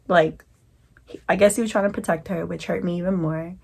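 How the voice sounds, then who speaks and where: Gravelly New woman telling a story. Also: fairly low pitch, fairly quick. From New York. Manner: animated, slangy storytelling. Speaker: vlogger. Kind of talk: storytime vlog.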